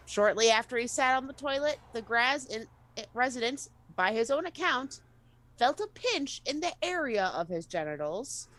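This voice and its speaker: A woman's voice: a little high, expressive, normal speed, a bit bright, rough recording. A woman reading odd news stories aloud on a casual show, stumbling and correcting herself as she goes. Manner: reads with stumbles and self-corrections.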